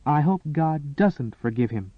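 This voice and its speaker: A man's voice: expressive, unhurried, no echo. A man voicing a distraught, furious young woman who speaks in choked, pleading bursts. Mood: bitter. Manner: pleading, choked, high-strung. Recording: tinny, phone-like and dry.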